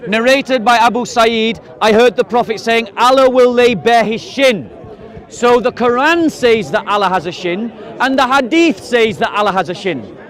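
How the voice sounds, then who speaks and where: A man's voice: very high voice, animated, moderate pace, fairly bright tone. A man debating a crowd outdoors, firing pointed questions and mocking his opponents. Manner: challenging, mocking, pressing questions. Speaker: street debater. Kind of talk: open-air debate. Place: outdoors in a park. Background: crowd of onlookers.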